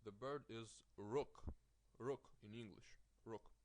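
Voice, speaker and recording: Slow, careful man teaching. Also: on the low side, darkish tone, a little hiss or hum. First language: Lithuanian. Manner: slow, careful, repeats words with stress, small restarts. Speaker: language teacher. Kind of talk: vocabulary lesson.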